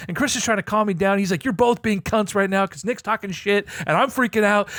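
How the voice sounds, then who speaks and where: A man co-hosting a podcast, telling a story in an excitable, profane way that swings between low asides and loud outbursts. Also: fairly quick, hardly any pauses, no echo, studio quality. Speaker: podcast co-host. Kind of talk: animated casual storytelling.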